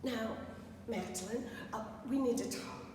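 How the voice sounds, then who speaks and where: A woman playing a sharp-tongued middle-aged mother in a solo stage performance, taunting in clipped informal speech. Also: fairly high pitch, unhurried, a little hiss or hum, close to an everyday voice. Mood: hushing. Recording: echoey hall from far off.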